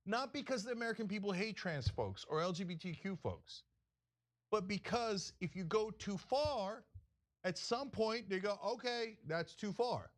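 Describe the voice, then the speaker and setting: Man, political show host, high voice, swooping lively delivery, heated and emphatic, sarcastic jabs. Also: normal speed. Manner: impassioned, emphatic, sarcastic asides.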